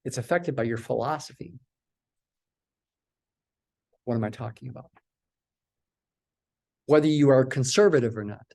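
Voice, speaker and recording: In this recorded math lecture on statistics, the male teacher speaks briskly in a mid-range, gravelly, darkish voice. He drives points home by repeating words and answers questions he poses himself.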